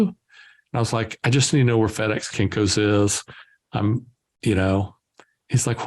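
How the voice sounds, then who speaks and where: A man, a guest entrepreneur, telling lively stories in conversation and acting out the dialogue. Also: on the low side, moderate pace. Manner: lively anecdotal storyteller, acts out dialogue. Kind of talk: conversational storytelling.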